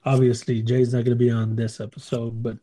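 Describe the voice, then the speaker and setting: A man with a medium-pitched, mellow voice speaks briskly with flat delivery. Co-hosting a casual podcast chat, he jokes loosely, laughs often, and reads listener emails aloud.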